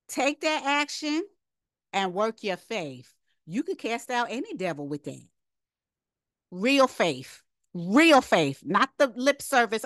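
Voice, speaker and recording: This studio-quality clip, free of echo, features a female Bible teacher whose pitch sits fairly high with a slightly bright edge. She gives a conversational, emphatic lesson, drops in offhand remarks, and repeats ideas by posing them as rhetorical questions.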